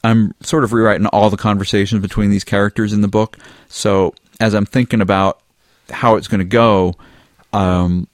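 A man's voice: deep voice, creaky, no echo, studio quality. A man, an author, hosting a podcast in casual chat, reading out listener mail and keeping the talk on track.

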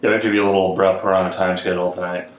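A man co-hosting a podcast in casual chat, quick with asides and laughing easily. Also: low-pitched, level tone, highs cut off. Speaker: podcast co-host. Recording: echoey room.

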